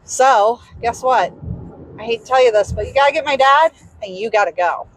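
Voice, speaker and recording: A young woman with a Southern US accent telling a personal story in a candid, exasperated, animated way. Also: on the high side, moderate pace, poor audio. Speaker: vlogger. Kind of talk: casual storytelling. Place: in a vehicle.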